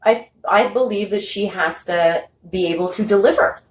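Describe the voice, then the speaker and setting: A woman's voice: medium pitch, normal speed, reverberant, far from the mic, a little hiss or hum, rough recording. A woman guest with a brash, emphatic way of talking, making punchy declarations in a casual interview. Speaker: guest, founder.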